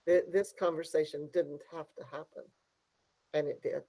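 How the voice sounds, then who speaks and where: A school district leader speaking at a virtual board meeting in a measured, hesitant way with many fillers, over a video call. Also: mid-range voice, level tone, dark tone, rough recording.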